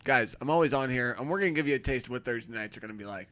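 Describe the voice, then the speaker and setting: Loud-laughing male podcast co-host. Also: mid-range voice, lively intonation, racing. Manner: loose, laughing, breaks into bits and whispers. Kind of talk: crude, joking improv chat.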